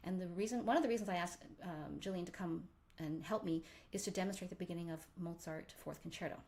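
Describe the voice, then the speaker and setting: A woman teaching a violin workshop, talking through bow technique in an animated way and singing out the strokes she demonstrates. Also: lowish voice, fast. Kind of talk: live online workshop lesson.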